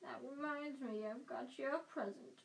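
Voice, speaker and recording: A woman voicing a huge, guilt-ridden groundskeeper man who weeps through rough country speech. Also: high voice, moderate pace, pitched above the performer's own voice, low-quality recording. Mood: gruff. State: crying.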